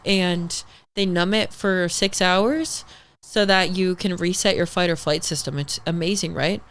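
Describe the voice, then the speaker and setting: A young woman guest on a podcast, telling a story in a casual, animated way, swearing freely and acting out what people said. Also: lowish voice, a little slow. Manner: animated, swears freely, acts out quoted dialogue.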